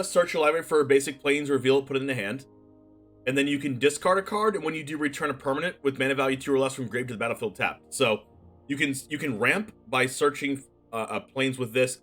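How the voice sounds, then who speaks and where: A man with a mid-pitched voice chats through a card-game deck build on a live stream. He reads card text aloud and thinks out loud, and soft music plays faintly behind him. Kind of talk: casual live-stream commentary.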